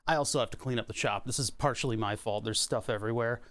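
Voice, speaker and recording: A man's voice: steady tone, fast, fairly bright tone, clean tone, no echo. Man chatting to his puppy on stream. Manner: talks to his puppy in a high sing-song baby voice, laughs often. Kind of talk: casual chat. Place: his workshop, indoors.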